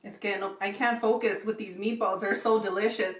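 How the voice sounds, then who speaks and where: A woman's voice: medium pitch, steady tone, brisk. A woman hosting a home cooking show, walking through a recipe step by step in a playful, chatty way, laughing often, recorded in a home kitchen. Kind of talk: cooking demonstration.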